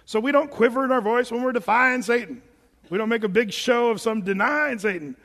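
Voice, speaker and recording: A pastor preaching a sermon in a joking, animated way, acting out quoted voices as he goes. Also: very high-pitched, fairly quick. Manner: jokey, acts out quoted voices; self-described big guy. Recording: long reverb of a large hall.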